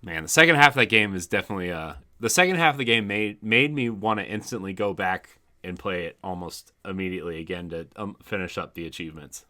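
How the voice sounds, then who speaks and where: A man's voice: deep voice, quick pace, sharp tone. A man co-hosting a gaming podcast, chatting casually and enthusiastically, with lots of "like" fillers. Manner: enthusiastic, filler-heavy rambling. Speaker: podcast co-host. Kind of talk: casual chat.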